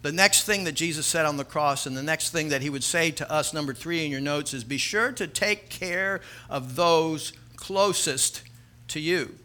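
Middle-aged preacher guy, highish voice, earnest story then pushes hard on the point. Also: moderate pace, bright, forceful tone. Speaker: pastor. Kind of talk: sermon.

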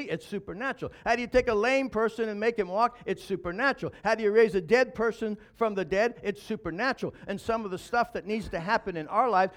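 Male pastor, high voice, emphatic sermon delivery with rhetorical questions. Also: a bit bright.

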